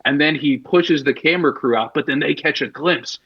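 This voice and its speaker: A man's voice: fairly high pitch, husky, dull audio. Man eagerly recapping a story. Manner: enthusiastic recapping, drawn-out fillers. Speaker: podcast co-host. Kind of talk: casual podcast chat.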